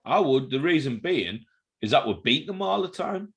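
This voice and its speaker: A man's voice: fairly high pitch, very animated, moderate pace, husky. A man co-hosting a casual chat outdoors at a barbecue, cracking jokes and swearing freely. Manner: joking, sweary, teasing. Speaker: co-host. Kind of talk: casual banter.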